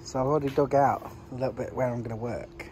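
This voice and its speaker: A man's voice: fast, a little hiss or hum. A middle-aged man chatting casually to camera in a family vlog, teasing his kids and pets. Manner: chatty, teasing, lively swings into high sing-song voice with pets and kids. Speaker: vlogger, father. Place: home garden outdoors.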